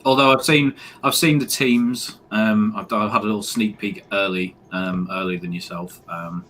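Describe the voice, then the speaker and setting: A man's voice: on the low side, steady tone, normal speed, fairly bright tone, slight background noise. A young man co-hosting a live football watch-along, talking hesitantly with many ums. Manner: hesitant, lots of ums, nervous. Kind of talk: casual live-stream chat.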